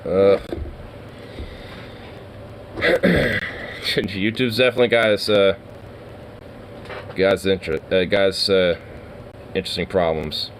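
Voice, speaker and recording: Slow, rambling man reacting with swearing. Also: deep voice, slight background noise. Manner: rambling, swears a lot, laughs often. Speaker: streamer reacting to clips. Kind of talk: casual commentary.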